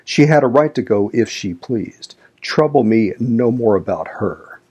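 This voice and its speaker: Man reading a stern, wounded country gentleman. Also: medium pitch, lively intonation, unhurried, husky. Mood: cold. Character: agitated gentleman master of the house, stern, grieving.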